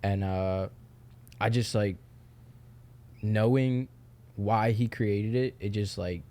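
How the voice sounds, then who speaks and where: A man's voice: lowish voice, takes it slowly, a little mellow. A young man speaking as a podcast guest, talking in a loose, candid way with lots of "like" and casual swearing. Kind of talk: casual chat.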